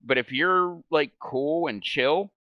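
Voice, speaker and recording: A man's voice: on the high side, slow pace, dry recording, muffled recording. A middle-aged man streaming a game from home, rambling through casual chat with swearing and laughing at his own stories. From United States. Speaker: gaming streamer. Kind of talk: casual chat while gaming. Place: home gaming setup.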